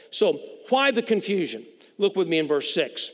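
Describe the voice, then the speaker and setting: A man's voice: sits high, lively intonation, moderate pace. A pastor preaching a sermon in a conversational way, often repeating words as he builds his points. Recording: long reverb of a large hall.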